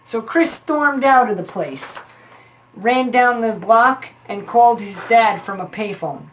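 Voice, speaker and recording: A woman playing a rambling, scheming female informant who tells long stories in a deadpan way. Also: on the high side, unhurried, slight background noise, poor audio. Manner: long-winded, deadpan storytelling.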